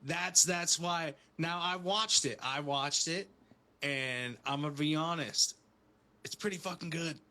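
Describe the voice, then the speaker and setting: Male podcast co-host, rambling and profane, bright forceful tone. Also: a little high, measured pace. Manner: rambling, profane, laid-back storytelling. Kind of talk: casual podcast chat.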